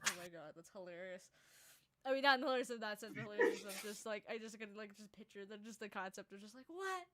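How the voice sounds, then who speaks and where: A woman's voice: medium pitch, fast, over a noisy crowd. A woman hosting a podcast in casual chat, rambling with lots of fillers and giggling often. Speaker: podcast host.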